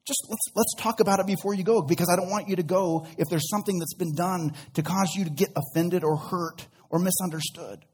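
A man's voice: high voice, steady tone, a little fast, hardly any pauses, a little mellow, husky. A man preaching a sermon as pastor, retelling a Bible story conversationally with acted-out quotes and casual slang.

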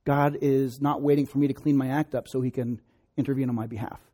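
A man's voice: medium pitch, steady tone, brisk. A middle-aged man preaching a sermon in a conversational way, acting out quoted voices in his stories. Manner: conversational, acts out quoted voices, drops to soft prayer. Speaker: pastor. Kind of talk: sermon with storytelling and prayer.

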